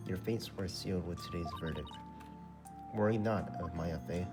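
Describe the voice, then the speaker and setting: Haughty girl priestess from a video game, read out flatly by a man. Low voice, game music behind. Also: moderate pace, close to an everyday voice. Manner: reads game text in a flat voice.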